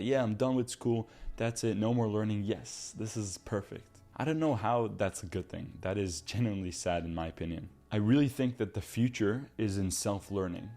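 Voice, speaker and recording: A young man in his twenties talks straight to his viewers in an earnest, animated motivational monologue. His voice sits a little low, with a dark, mellow tone. He sounds like someone who wants his listeners to change their habits. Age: 20s. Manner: mocks friends in put-on voices. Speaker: self-improvement video host.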